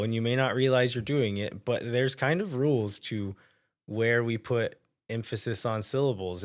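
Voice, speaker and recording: A man co-hosting a casual soccer podcast, easygoing and thinking out loud with loose asides. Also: mid-range voice. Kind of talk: casual chat.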